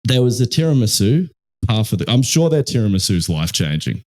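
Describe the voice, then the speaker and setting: A man's voice: on the low side, big pitch swings, fairly quick, a little mellow. A young man with an Australian accent hosting a podcast, telling rambling stories in casual chat and swearing constantly. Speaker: podcast host.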